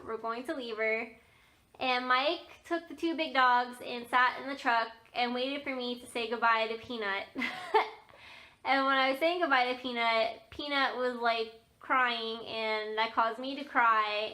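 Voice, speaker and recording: A woman's voice: a little high, bright, forceful tone. A young woman vlogger chatting to the camera, telling stories in a chatty way with many fillers and little laughs. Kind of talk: casual chat to camera.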